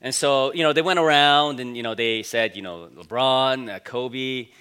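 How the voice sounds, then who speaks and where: A pastor in his forties preaching a sermon in a church, in a relaxed, conversational storytelling way with plenty of "uh" and "you know" fillers. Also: mid-range voice, moderate pace, clean tone. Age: 40s.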